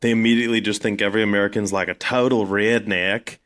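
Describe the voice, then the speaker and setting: A man's voice: fairly low pitch, little pitch movement, racing, a bit bright. A man from South Africa, a podcast co-host telling stories in casual chat, full of fillers. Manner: rambling storyteller, many fillers.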